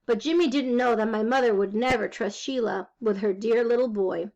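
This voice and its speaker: High-voiced woman reading a storybook. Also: normal speed, muffled recording. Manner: lively first-person telling, wry. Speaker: reader. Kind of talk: storybook read-aloud.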